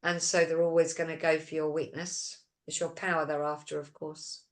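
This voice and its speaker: Woman, talk show host, storytelling, quoted dialogue, lowish voice. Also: level tone, normal speed. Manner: reads listener questions aloud. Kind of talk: casual chat.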